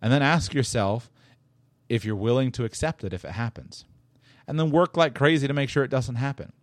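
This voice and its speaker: A man's voice: medium pitch, fairly quick, no room sound, studio quality. A man hosting his own podcast, talking casually and emphatically, restarting sentences and chuckling as he makes his points. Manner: rambling and emphatic, with frequent restarts and repetition; chuckles while making a point. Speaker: podcast host. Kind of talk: casual solo podcast talk.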